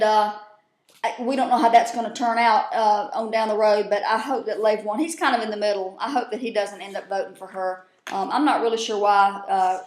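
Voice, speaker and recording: A woman, recapping a TV show in a casual vlog, blunt and profane with lots of rambling fillers. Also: on the high side. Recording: roomy echo.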